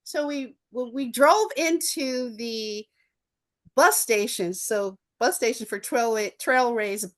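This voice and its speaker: A woman's voice: a little high, slow, a bit bright. A woman with a Southern US accent, an attorney and podcast guest, telling stories animatedly with frequent laughter and asides. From Memphis, Tennessee, US. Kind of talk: storytelling in an interview.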